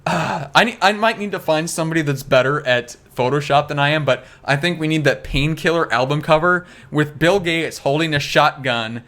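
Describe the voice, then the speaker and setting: A man's voice: on the high side, moderate pace, few pauses, a bit bright. A man co-hosting a podcast in casual chat, rambling with lots of fillers and laughing often. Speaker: podcast co-host.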